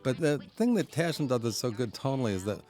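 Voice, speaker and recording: A man's voice: medium pitch, expressive, fast, a little mellow. A man giving a chuckling, enthusiastic audio commentary on an old cartoon, sharing anecdotes as he goes. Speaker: film commentator.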